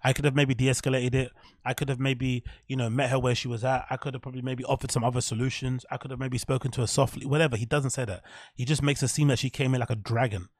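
A man's voice: mid-range voice, level tone, fast talker, no room sound, studio quality. Blunt, profane male podcast host. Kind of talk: casual commentary on a clip.

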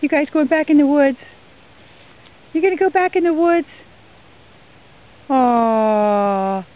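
A woman's voice: a little high, slow pace, pauses often, a little hiss or hum. A woman outdoors in a pasture, talking to her horses in a cooing, baby-talk way while filming on a handheld camera. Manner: coos and baby-talks to the horses. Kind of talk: casual talk to animals. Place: outdoor pasture near woods. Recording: tinny lo-fi camera audio.

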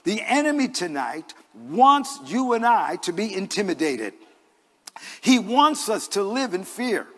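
High-voiced preaching man in a reverberant church. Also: very animated, measured pace, fairly bright tone. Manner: earnest, conversational preaching. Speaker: pastor. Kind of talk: sermon with personal stories. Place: church sanctuary.

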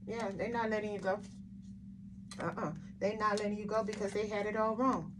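A woman's voice: mid-range voice, fairly even intonation, fairly quick, noisy background. A woman doing a tarot reading for her viewers, blunt and emphatic, with frequent swearing and repeated rhetorical questions. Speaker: tarot reader.

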